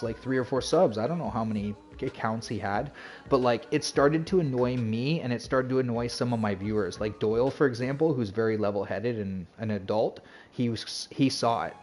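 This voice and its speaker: A man's voice: medium pitch, a little mellow. Rambling man streamer chatting casually. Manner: rambling, filler-heavy, acts out quoted dialogue. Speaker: game streamer. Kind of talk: casual chat storytelling to stream chat.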